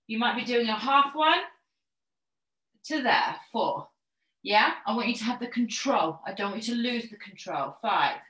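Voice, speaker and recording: A woman leads a pilates workout, calling out cues and counting down reps in an encouraging way. She is slightly out of breath, her voice sits a bit high, and the room gives it a noticeable echo. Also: lively intonation, normal speed, a bit bright. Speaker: fitness instructor. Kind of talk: online pilates class instruction. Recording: echoey room.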